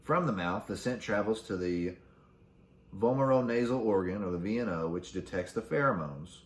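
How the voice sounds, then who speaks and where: A man with a fairly low voice runs a casual solo podcast, reading out facts and throwing in crude jokes. His voice bounces around an echoey room. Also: moderate pace. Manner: crude joking while reading facts aloud. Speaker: podcast host.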